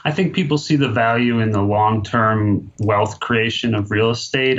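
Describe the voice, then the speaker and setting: A man answering interview questions in a low voice, measured and explanatory, leaning on filler phrases. The sound is dull and lo-fi, like a remote connection. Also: fairly bright tone. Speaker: guest, real estate investor.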